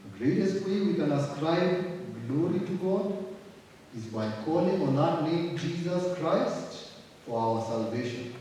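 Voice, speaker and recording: A man preaching a sermon, slow and emphatic, repeating phrases for weight. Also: medium pitch, mellow, slight background noise. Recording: distant mic in an echoey hall.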